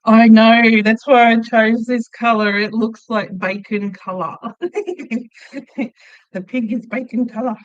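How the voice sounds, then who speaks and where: A woman's voice: on the high side, fairly even intonation, takes it slowly, dry recording, dull audio. An Australian woman chatting casually with viewers on her crochet livestream, telling stories and laughing often. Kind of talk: casual live chat reading viewer comments.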